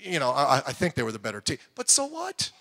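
A middle-aged man preaching a sermon, emphatic, swinging between loud urging and quiet asides. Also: mid-range voice, wildly swooping pitch, fast talker, creaky. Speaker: pastor.

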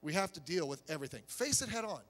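A male pastor delivers a sermon in a high, bright voice, very animated and quick. He preaches conversationally yet emphatically, firing rhetorical questions at his listeners, and his words ring out with a long reverb in a large hall.

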